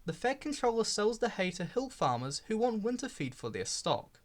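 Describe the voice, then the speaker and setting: A man's voice: high-pitched, very animated, normal speed. A man reading a children's railway storybook aloud, giving the characters voices. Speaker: storybook reader.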